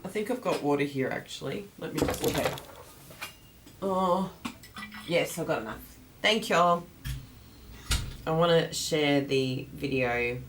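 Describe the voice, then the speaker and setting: Chatty woman host, low groggy morning voice, rambling livestream talk. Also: unhurried, long pauses, noisy background. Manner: chatty and rambling, laughs often. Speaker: craft class host. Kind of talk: casual livestream chat.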